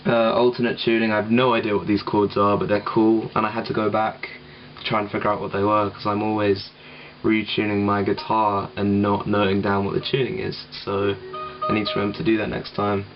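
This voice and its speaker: A man's voice: fairly low pitch, completely flat delivery, a little fast, dull audio, faint music behind. A man casually explaining how he made his song at home, rambling and self-deprecating, with lots of ums and restarts. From England. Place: home room with guitar gear.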